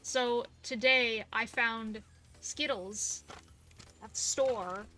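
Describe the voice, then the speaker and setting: A woman's voice: a little high, very slow, pushed and bright, faint music behind. A young woman streamer chatting casually and laid-back while she plays. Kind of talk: casual chat while gaming.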